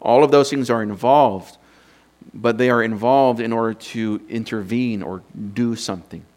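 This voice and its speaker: A man's voice: mid-range voice, fairly even intonation, normal speed, darkish tone. A man teaching from scripture in an unscripted sermon, thinking aloud and posing rhetorical questions to his listeners. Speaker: preacher teaching doctrine.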